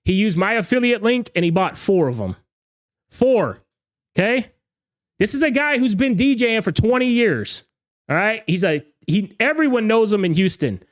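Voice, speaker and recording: Male DJ show host, high-pitched, slightly hoarse, emphatic casual ranter. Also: sing-song, moderate pace. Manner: emphatic, ranting, repeats "okay?" and "all right?". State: slightly hoarse from talking all night. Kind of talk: casual livestream rant.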